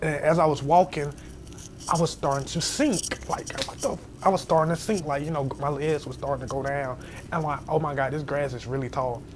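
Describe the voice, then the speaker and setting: Animated young man telling a scary story. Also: brisk. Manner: animated, jumps to high squeals when quoting himself. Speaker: storyteller vlogger. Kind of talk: casual spoken storytime. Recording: faint background noise.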